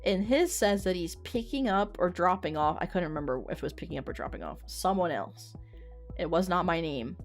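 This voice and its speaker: A young woman streamer chats through a story in a loose, rambling way, packing her sentences with "like" and dropping casual swear words. Her voice sits a little on the low side for a woman. Soft music plays faintly underneath. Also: animated, a little fast. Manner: rambling, many "like" fillers, swears freely. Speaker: VTuber streamer.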